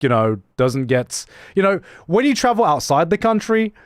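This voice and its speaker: An excitable man from Thailand talking casually to his stream, swearing freely and now and then bursting into shouts. His voice sits a little high, and the sound is close and dry with no room around it. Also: moderate pace, no room sound.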